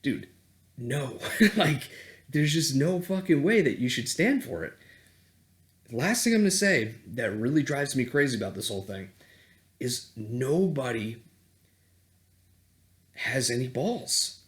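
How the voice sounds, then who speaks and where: A man's voice: mid-range voice, sing-song, a little slow, long pauses. A man on a vlog, ranting heatedly and sarcastically, with plenty of swearing. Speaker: self-help vlogger and coach. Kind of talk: unscripted profane political rant.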